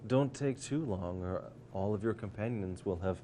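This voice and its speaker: A man voicing a dainty, prim mayor's wife who speaks quietly and measuredly. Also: lowish voice, moderate pace, slight background noise, lightly acted. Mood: polite.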